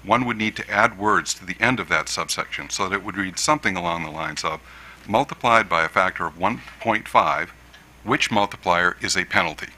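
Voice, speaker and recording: A man, an attorney, making a measured formal legal argument at a hearing, stressing key words. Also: sits low, bright, forceful tone, poor audio. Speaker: attorney for a utility. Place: hearing room.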